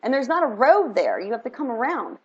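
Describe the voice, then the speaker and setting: A middle-aged woman telling a story in a casual, animated vlog, chatty and full of "like" and "right?". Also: on the high side, a little fast. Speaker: vlogger. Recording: dull lo-fi recording.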